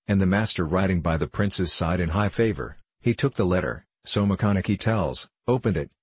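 A man reading a classic novel aloud in a measured storytelling manner. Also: low voice, a little mellow, slightly rough, dry recording. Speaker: audiobook reader. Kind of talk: scripted narration of a classic novel.

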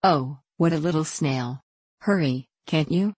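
Impatient bossy big-sister girl from a storybook, low voice, woman reading her. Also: unhurried, darkish tone, husky, dry recording. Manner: impatient scolding.

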